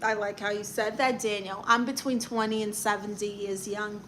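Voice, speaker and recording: Brassy Brooklyn woman with a bright voice. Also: mid-range voice, level tone, moderate pace, a little hiss or hum. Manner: brassy, blunt and sassy, calls people honey. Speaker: livestream host giving comic advice. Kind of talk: comic livestream chat reading viewer comments.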